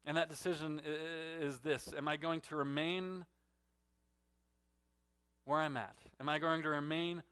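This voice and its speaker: Guy pastor in his 30s preaching, kinda high voice, gets loud then drops real quiet. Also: fairly even intonation, unhurried, long pauses, clean tone. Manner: storytelling, swings from loud emphatic to hushed and soft. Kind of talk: sermon.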